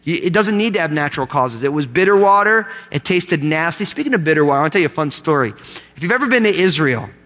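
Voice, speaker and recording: A man preaching to his congregation in a high, bright voice that rings out. He is animated and pulls the crowd into call-and-response. The sound carries a long reverb from the church hall. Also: fast. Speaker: pastor. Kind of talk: sermon. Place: church sanctuary.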